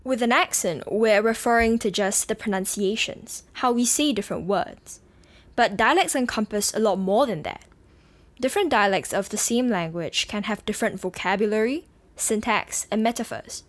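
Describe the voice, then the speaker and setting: A woman co-hosting a podcast, calmly explaining ideas in scripted narration. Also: mid-range voice, moderate pace, dry recording. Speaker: podcast co-host.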